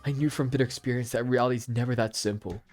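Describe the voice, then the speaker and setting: Man voicing a young game hero, fast inner narration, middle pitch, faint music. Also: fairly even intonation, darkish tone, close to an everyday voice. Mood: thoughtful.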